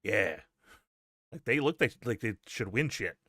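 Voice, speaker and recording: A man's voice: lowish voice, lively intonation, unhurried, pushed and bright, breathy edge, no echo, studio quality. A man hosting a podcast, chatting loosely about wrestling with restarts, stammers and swearing. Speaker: podcast host. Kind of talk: casual wrestling chat.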